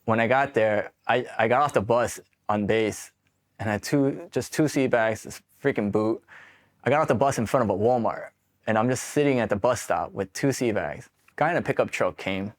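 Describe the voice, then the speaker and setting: A Marine veteran in his forties from Queens, New York, is the guest in a casual storytelling interview, recounting his own military stories candidly and with plenty of swearing. He acts out the exchanges he quotes. His voice is mid-range and his speed is normal.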